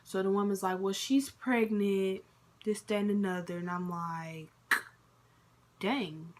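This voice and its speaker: A woman's voice: medium pitch, steady tone, a little slow, a little mellow. Chatty young woman telling a story. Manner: chatty, lots of fillers and quoted dialogue. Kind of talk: casual storytime vlog. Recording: faint background noise.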